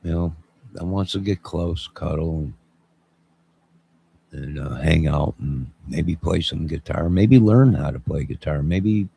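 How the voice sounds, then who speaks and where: A man in his fifties with a very low, gravelly voice, talking loosely on his own live stream. He rambles from one joke to the next and answers viewers in the chat. His tone stays husky and rough throughout. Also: unhurried, warm tone. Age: 50s. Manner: rambling, jokey, responds to chat. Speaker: channel host.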